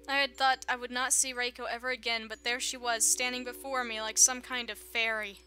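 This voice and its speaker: A woman's voice: on the high side, level tone, a little fast, pushed and bright, soft background music. A woman reading a visual novel's text aloud with joking, sarcastic commentary, often laughing.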